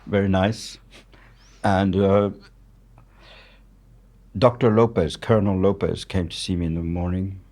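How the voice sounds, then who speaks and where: A man's voice: low-pitched, little pitch movement, unhurried, pauses often, darkish tone. A man in his seventies from France, speaking English with a French accent as a guest, telling stories bluntly and matter-of-factly. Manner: blunt, matter-of-fact, swears freely. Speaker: guest, war journalist. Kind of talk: candid storytelling in conversation.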